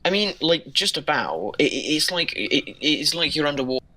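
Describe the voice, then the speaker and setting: A man's voice: fairly high pitch, animated, moderate pace, sharp tone, poor audio. A young man co-hosting a podcast remotely, chatting casually and hesitantly, often trailing off. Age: young adult. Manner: laid-back, hesitant, trails off. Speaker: podcast co-host. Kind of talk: casual chat. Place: remote call from abroad.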